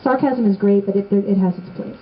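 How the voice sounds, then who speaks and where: A middle-aged woman giving a heartfelt remembrance speech to a gathered audience, storytelling with gentle humor. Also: mid-range voice, fairly quick, muffled recording. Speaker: assistant band director giving a remembrance talk. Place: indoors on the steps of a renovated old building.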